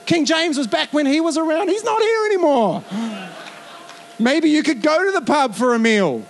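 A man preaching a sermon in a lively, conversational way, acting out quoted asides. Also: very high voice, brisk, slight background noise. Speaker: pastor.

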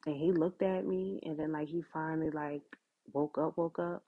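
A woman's voice: deep voice, steady tone, normal speed, slightly rough, narrow, tinny audio. A woman hosting a podcast, telling a personal story in a casual, conversational way, full of fillers like "like" and "you know". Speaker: podcast host.

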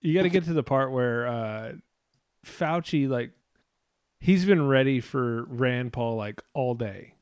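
A man's voice: mid-range voice, a little slow, darkish tone, clean tone, dry recording, clean studio sound. A man hosting a casual podcast, rambling and swearing as he reacts to clips, laughing often. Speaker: podcast host.

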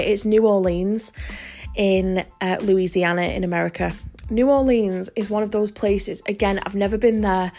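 A young woman talks to her camera in a chatty, dreamy vlog, her voice sitting in an ordinary middle pitch. She trips over her words and restarts often, sounding enthusiastic throughout. Soft music plays faintly underneath. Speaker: vlogger. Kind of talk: casual chat to camera.

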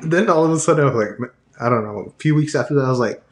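A man's voice: mid-range voice, fast talker, reverberant, slight background noise. A young man chatting casually with a friend, rambling and hesitant with lots of fillers. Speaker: friend in conversation. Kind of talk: casual chat.

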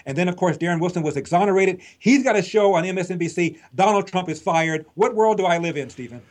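A man's voice: high voice, quick pace. A man in casual political talk, dry and sardonic, pointing his questions at the host. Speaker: guest.

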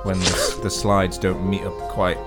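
A man improvising comedy, offering deadpan ideas in a halting, hesitant way. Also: sits low, over loud music.

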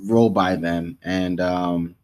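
A man's voice: deep voice, fairly even intonation, slow pace, a little mellow. A man co-hosting a podcast, casually recapping a TV episode and talking through the scenes with many restarts. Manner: rambling recap with quoted lines and many restarts. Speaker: podcast co-host.

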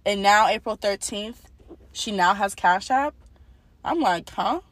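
Animated young woman telling a testimony. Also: mid-range voice, a little slow. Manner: animated storytelling, talks to viewers as y'all. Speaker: testimony speaker. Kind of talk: casual spoken testimony.

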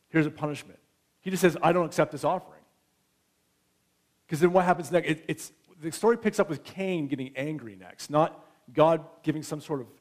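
A man in his thirties preaching a sermon in a conversational way, often checking in with his listeners. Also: on the high side. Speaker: pastor.

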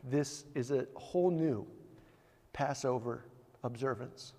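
A man's voice: mid-range voice, slow pace, a little mellow, long reverb tail. A man preaching a sermon as a pastor, telling the story vividly and building to emphatic points.

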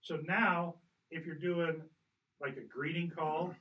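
A man working as a hunting guide, coaching someone in a relaxed way, patiently correcting him and demonstrating sounds. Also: on the high side, slow, far from the mic, dull audio. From Colorado. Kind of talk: casual coaching.

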